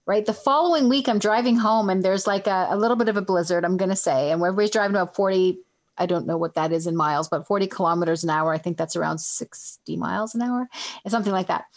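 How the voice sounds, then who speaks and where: A woman's voice: mid-range voice, fast talker. A middle-aged woman from Canada casually telling a long personal story, rambling and correcting herself as she goes. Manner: rambling, self-correcting, animated.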